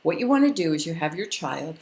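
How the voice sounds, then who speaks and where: An older woman, a longtime parenting educator, giving a calm, firm and instructive lesson to camera with deliberate pauses. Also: low voice, vocal fry, roomy sound.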